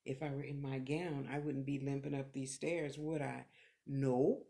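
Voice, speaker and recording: A woman's voice: rumbling low, level tone, unhurried, gravelly, dark tone. A middle-aged woman, a clairvoyant medium on a live stream, talking candidly and swearing freely in short reflective bursts while answering viewers. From California. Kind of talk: live-streamed motivational talk and readings.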